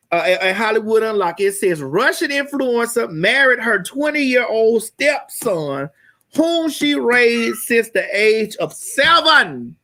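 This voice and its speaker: A woman with a fairly high voice hosts a morning show, unleashing a loud, profane comedic rant at her viewers and breaking into shouts.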